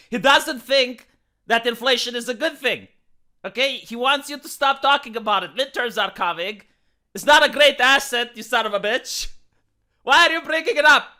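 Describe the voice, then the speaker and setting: A man's voice: high voice, sharp tone. A man from Romania with a Romanian accent, ranting through sarcastic political commentary in a mocking, exasperated way. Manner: mocking, exasperated rants with put-on voices. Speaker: commentary streamer.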